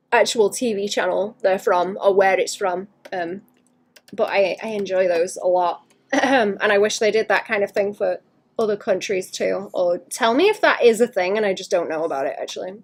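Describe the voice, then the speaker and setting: A woman's voice: medium pitch, a little mellow. Rambling woman chatting while she draws. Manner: rambling, chatty, trails off mid-thought. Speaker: art streamer. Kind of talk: casual live-stream chat while drawing.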